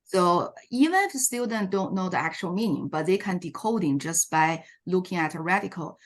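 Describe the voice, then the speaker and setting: A lowish-voiced woman speaking at a moderate pace presents teaching strategies for an online teacher workshop via video call. As a Chinese language teacher, she explains with frequent fillers and keeps correcting herself.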